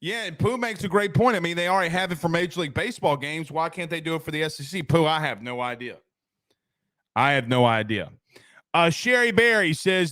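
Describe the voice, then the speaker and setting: A man's voice: fairly high pitch, a bit bright, no echo, clean studio sound. A man hosting a casual postgame sports talk show, ranting animatedly and reading out viewer comments.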